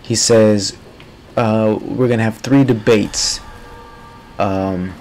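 A man talks over his gameplay in a loose, rambling way. His voice sits low and has a gravelly edge. A faint background noise runs under the talk. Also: fairly even intonation, slow pace, a little mellow. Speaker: gaming streamer. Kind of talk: casual gameplay commentary.

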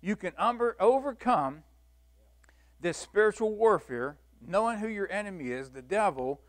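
A man's voice: high voice, moderate pace. Folksy man teaching a Bible lesson. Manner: folksy and animated, acts out Bible scenes, laughs often. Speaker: Sunday school teacher.

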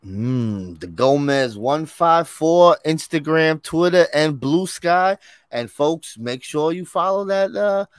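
Playful, lively-voiced man co-hosting a podcast. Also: a little high, slow pace, smooth, dry recording. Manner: playful, teasing, laughs often. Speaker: podcast co-host. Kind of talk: casual chat.

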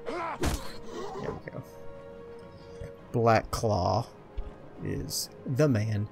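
A man's voice: mid-range voice, huge pitch swings, drawn-out words, gravelly, long pauses, music in the background. A man casually commenting on his own video game play, muttering to himself and joking at his own expense. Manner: chatty, muttering to himself, self-mocking. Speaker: gameplay commentator.

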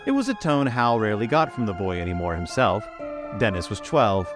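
A man reading a horror story aloud in a slow, measured narration. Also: fairly low pitch, sing-song, music in the background. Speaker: story reader.

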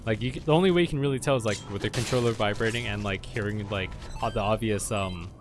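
Profane excitable man gaming. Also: lowish voice, fast, over music. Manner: profane, excitable, yelps at enemies. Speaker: gamer. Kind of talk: let's play commentary.

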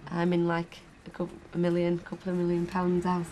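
A woman's voice: on the low side, completely flat delivery, fairly quick, warm tone, a little hiss or hum. A woman taking part in a reality TV makeover, talking casually in a plain-spoken, unpretentious way with frequent laughs. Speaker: reality show participant. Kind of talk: casual chat.

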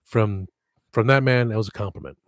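A livestream host with a lowish voice chats fairly quickly in a rambling, digressive way, often putting himself down. It's casual livestream chat, recorded with studio quality and no echo.

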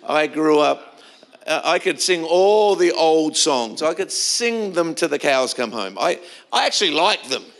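Conversational middle-aged pastor preaching. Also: male voice, fairly high pitch, animated, measured pace, vocal fry, fairly bright tone. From Australia. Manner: conversational, anecdotal preaching with frequent restarts. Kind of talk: sermon. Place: church.

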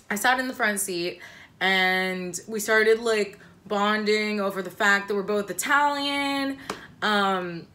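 A young woman casually telling a personal story, rambling with many likes and ums and swearing freely, her voice jumping shrill and loud when she quotes herself.

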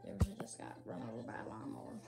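A performer voicing Yoshi, a small dinosaur creature, hosting a reaction video and groaning and pleading at each clip, with a slightly rough morning throat. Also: quick pace, very noisy, lightly acted. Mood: dismayed. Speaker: reaction channel host.

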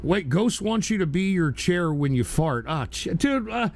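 A man hosting a live stream, reacting to other streams with crude, excitable, cursing commentary. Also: sits high, moderate pace, a little hiss or hum. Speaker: streamer host.

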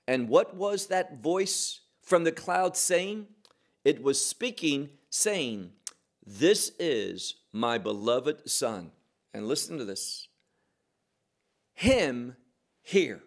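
Slow, emphatic man teaching scripture. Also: a little high. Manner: slow, emphatic, with pauses and restarts. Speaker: Bible teacher. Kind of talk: verse-by-verse Bible teaching.

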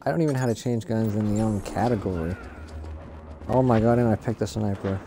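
Speaking fairly quickly in a fairly low voice, a man hosting a gaming channel commentates live on his shooter game. Frustrated, he swears in exasperated outbursts while gunfire and explosions from the game fill the noisy background.

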